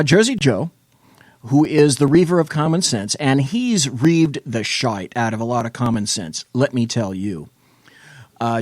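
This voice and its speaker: A man's voice: mid-range voice, dry recording. A man hosting a late-night call-in talk show, joking and bantering with salty asides.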